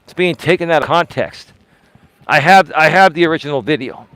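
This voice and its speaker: Male live-stream host, emphatic and defensive, speaks straight to chat; a fairly high voice, recorded dry and close. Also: animated, a little fast, fairly bright tone, no echo. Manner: emphatic and defensive, repeats himself; talks straight to chat, asks pointed questions. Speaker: livestream host. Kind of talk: casual live-stream commentary.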